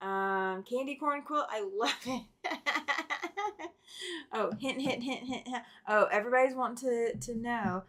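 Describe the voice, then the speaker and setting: A woman's voice: fairly high pitch, unhurried, pauses often, a bit bright. A middle-aged woman hosting a casual quilting livestream, chatting, reading viewer comments aloud and laughing often. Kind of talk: casual live chat while sewing.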